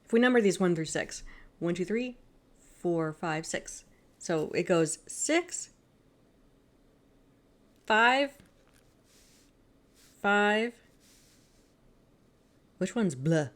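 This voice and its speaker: A woman casually commenting while she plays a mystery game, chatty and self-mocking, often breaking into giggles. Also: low voice. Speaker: game streamer. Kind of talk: casual let's-play commentary.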